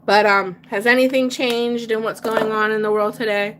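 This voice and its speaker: A woman's voice: on the high side, flat delivery, normal speed, fairly bright tone, a little hiss or hum. A woman from Pennsylvania hosting a craft livestream, chatting casually and playfully with her viewers. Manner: chatty, whiny and playful, talks to chat and her dog. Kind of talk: casual live chat while crafting.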